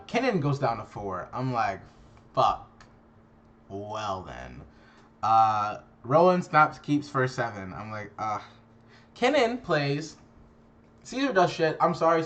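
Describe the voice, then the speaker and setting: A man's voice: mid-range voice, big pitch swings, measured pace, fairly bright tone, dull audio. A young man casually recapping a card game tournament, swearing constantly and sounding exasperated and self-mocking. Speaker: card game content creator.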